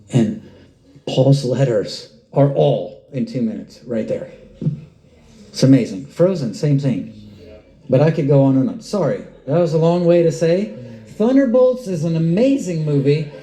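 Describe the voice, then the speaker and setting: Very dark-voiced animated male preacher. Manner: animated storyteller, pitch jumps up when excited. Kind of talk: sermon. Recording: roomy echo.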